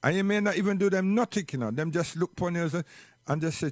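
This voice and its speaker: Talking fast with a voice that sits high, a Jamaican-accented man preaches passionately, with no room sound in the recording. He hammers his points through repeated questions and a recurring "you understand?".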